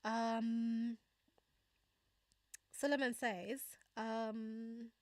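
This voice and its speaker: A woman's voice: on the high side, animated, extremely slow, pauses often, no echo. Chatty Kenyan woman streaming live, dry close sound. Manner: chatty, laughs often, many fillers. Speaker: livestream host. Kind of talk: casual live chat reading viewer comments.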